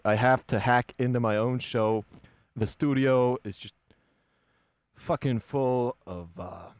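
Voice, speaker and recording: Brief: male host, lowish voice, exasperated and profane, dry close mic. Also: no room sound. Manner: exasperated and swearing. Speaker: radio host. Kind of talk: casual profane radio chat.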